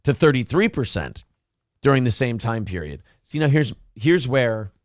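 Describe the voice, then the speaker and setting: A man's voice: mid-range voice, big pitch swings, moderate pace, dry recording, clean studio sound. A man co-hosting a casual morning talk show, blunt and sarcastic, with plenty of swearing. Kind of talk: casual political talk show, reading chat comments.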